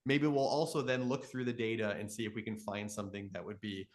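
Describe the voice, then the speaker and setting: A man in his thirties from Canada, explaining astronomy with enthusiasm in a live question-and-answer session and telling stories with lively voices. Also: on the low side, quick pace. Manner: enthusiastic storytelling, animated voices in quotes. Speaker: astronomy educator.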